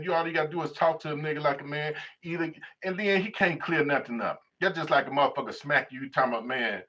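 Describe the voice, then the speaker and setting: A man gives casual commentary in a bright, forceful voice, mocking and swearing with emphasis. His voice sits a little high. The recording is slightly dull. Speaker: host and commentator.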